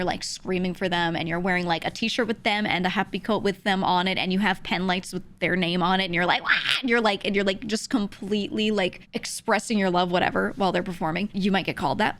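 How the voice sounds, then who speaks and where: A young adult woman streaming, chatting casually and playfully with her viewers and laughing often. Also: mid-range voice. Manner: playful, giggly, talks with chat. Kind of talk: casual live-stream chat.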